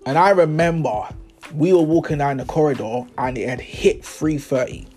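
Animated young man telling stories. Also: a little high, normal speed, faint music behind. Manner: animated, slangy, swearing, voices the people in his stories. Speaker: podcast host. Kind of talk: casual storytelling monologue.

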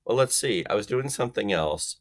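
A man with a low voice that swings widely in pitch talks as a guest on a sales podcast. He makes his points with emphasis and slips in acted-out snippets of phone calls to show what he means. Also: expressive, brisk. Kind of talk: animated podcast explanation.

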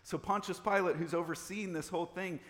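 A man's voice: high-pitched, fairly even intonation, brisk, a bit bright. Man preaching a sermon in a hall. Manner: preaching with swelling intensity and repetition. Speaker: pastor.

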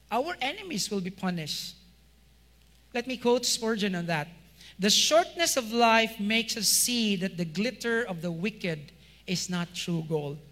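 A male pastor delivers a sermon in a high, bright voice. He takes his time, pausing for rhetorical questions and stressing single words before sinking his phrase endings low. The sound carries a long hall reverb. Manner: preaching with rhetorical questions, rising emphasis then dropping low.

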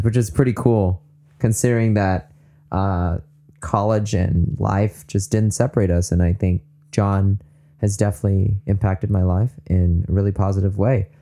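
A young man from Southern California hosts a faith podcast in a lowish, mellow voice. He talks in an eager, upbeat way and laughs often. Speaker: podcast host. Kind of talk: casual faith podcast talk.

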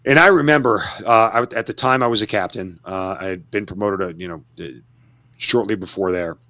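A man's voice: fairly low pitch, a little fast, bright, forceful tone, no echo. A man in his forties, a guest telling his story in an interview, reflective and given to repeating words as he restarts. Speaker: interview guest, former Army officer. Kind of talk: conversational storytelling.

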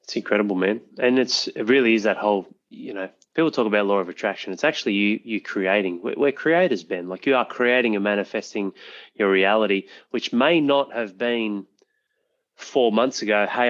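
Earnest man, lowish voice. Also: brisk, no echo, lo-fi sound. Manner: earnest, motivational, swears freely. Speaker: podcast host. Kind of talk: casual podcast chat.

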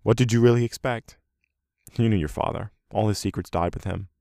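A man voicing a brisk, knowing wife and mother who chides and teases. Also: fairly low pitch, vocal fry, warm tone, dry recording, clean studio sound. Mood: gentle.

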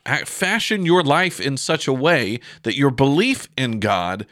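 A man's voice: mid-range voice, lively intonation, a little slow, a bit bright, no echo, studio quality. A man who is a pastor, teaching from the Bible in a casual, conversational podcast, reading scripture aloud between loose asides and fillers.

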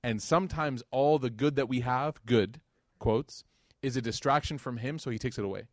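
Guy preaching casually, mid-pitched voice, dry close sound, acts out the story lines. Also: normal speed, dry recording. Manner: animated, acts out quoted dialogue; casual slang asides. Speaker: lecturer. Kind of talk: religious lecture storytelling.

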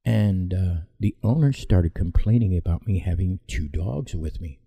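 A man's voice: deep voice, lively intonation, normal speed, gravelly, mellow, slightly rough, dry recording. A man casually telling a rambling personal story to his viewers, bluntly correcting himself as he goes.

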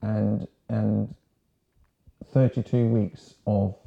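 A man's voice: on the low side, level tone, extremely slow, creaky. A man in his sixties from Sussex, England, a former marine telling his story in a casual, frank, rambling way. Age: 60s. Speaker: guest, ex-marine. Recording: roomy, dull lo-fi sound.

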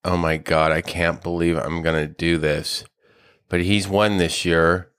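A man co-hosting a casual golf podcast, his voice sitting a little low. He rants in playful mock anger, swearing at his friend as they haggle over picks. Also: little pitch movement, measured pace, fairly bright tone, clear, resonant tone, no room sound, studio quality. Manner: mock-angry ranting, swears, teasing. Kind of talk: casual chat.

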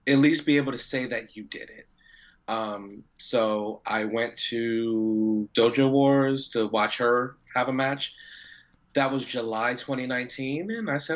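A man's voice: medium pitch, a little slow. A man being interviewed, who tells a story casually, swears freely and acts out what people said. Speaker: professional wrestler guest. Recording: dull lo-fi audio.

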